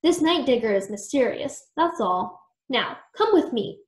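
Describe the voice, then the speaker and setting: A confident woman sleuth who talks briskly and likes to tease, as a woman reads her aloud. The voice sits fairly high with a roomy echo. It is a storybook figure, bold and spirited. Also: lively intonation.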